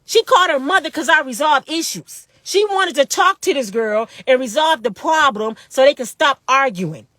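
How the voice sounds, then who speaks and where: A woman's voice: sits high, lively intonation, moderate pace, hardly any pauses, sharp tone, no echo, clean studio sound. A woman in her fifties giving an impassioned personal monologue, emphatic and indignant, repeating her points. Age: 50s. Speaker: vlogger telling her own story.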